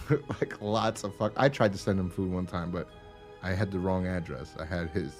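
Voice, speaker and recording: This co-host has a low voice and talks at normal speed over soft background music. The chat is casual and rambling, and he retells stories with plenty of laughing, swearing and acted-out quotes.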